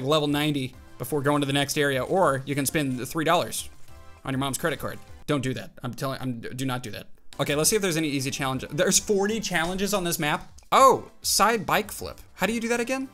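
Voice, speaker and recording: Excitable young man playing a game. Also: a little high. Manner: excitable, jumpy, talks to himself while playing. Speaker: gaming channel host. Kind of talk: casual mobile game commentary.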